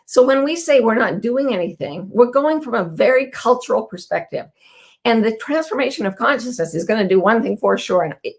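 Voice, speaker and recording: A middle-aged woman hosting a casual live talk, telling stories earnestly and acting out quoted people. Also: mid-range voice. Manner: warm, earnest, storytelling with quoted voices. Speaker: host.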